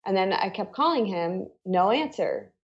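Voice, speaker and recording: A woman's voice: medium pitch, lively intonation, moderate pace, highs cut off. A middle-aged woman telling a personal story as an interview guest, talking earnestly and conversationally with lots of "you know" and "like.".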